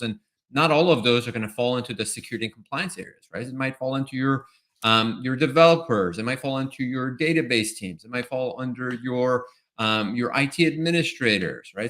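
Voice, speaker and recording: A man's voice: mid-range voice, fairly bright tone. A man answering as an expert guest in a webinar interview, explaining step by step and often checking in with "right?". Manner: explanatory, tags points with "right?".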